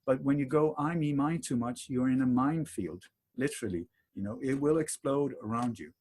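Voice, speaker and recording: A man speaking as a podcast guest in a conversational interview, telling stories in a rambling, animated way with emphatic repetitions. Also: mid-range voice, a little fast.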